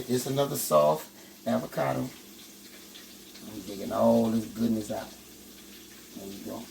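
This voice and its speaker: Gravelly folksy man cooking on camera. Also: medium pitch, a little hiss or hum, poor audio. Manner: folksy, chatty, talks to viewers, says "boy" a lot. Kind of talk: casual cooking demonstration. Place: kitchen with frying food. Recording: clear frying sizzle behind the voice. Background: sizzling frying food.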